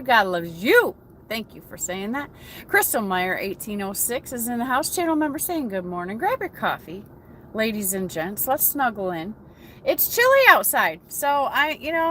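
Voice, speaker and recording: Bright-voiced chatty woman trucker host. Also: fairly high pitch, slight background noise. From United States. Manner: chatty, greets viewers by name. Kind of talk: casual morning coffee chat. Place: truck cab.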